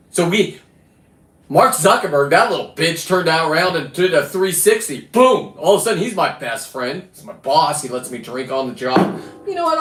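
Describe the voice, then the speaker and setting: Profane ranting middle-aged man, roomy sound. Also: a little high. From California. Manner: blunt, profane, rambling rant. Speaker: livestreaming diver and fisherman. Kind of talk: ranting livestream monologue. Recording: roomy echo.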